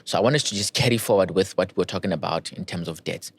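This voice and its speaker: A man's voice: low voice, fast, vocal fry, slight background noise. A man hosting an interview, reacting with short, playful remarks. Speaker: host.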